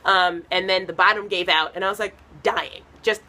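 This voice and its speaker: A woman's voice: fairly low pitch, steady tone, normal speed, bright, forceful tone. A woman from a Haitian American family doing a stand-up set, telling rambling stories full of fillers. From United States, Haitian American family. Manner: chatty, rambling storytelling with many fillers. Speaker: stand-up comedian.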